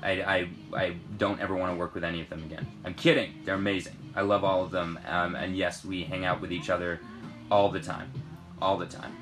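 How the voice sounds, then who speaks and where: A young man from Britain, an actor, reading fan questions aloud from his trailer and answering in a relaxed, rambling way. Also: deep voice, fairly quick, over music. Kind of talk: casual live-stream Q&A. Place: trailer on a film set.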